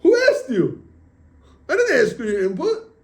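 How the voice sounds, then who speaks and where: A man playing a young rabbi who loudly shouts away an unseen tempter. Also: very high-pitched, huge pitch swings, normal speed, creaky, voice pushed up, heavily acted. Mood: defiant. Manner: sharp, loud outbursts.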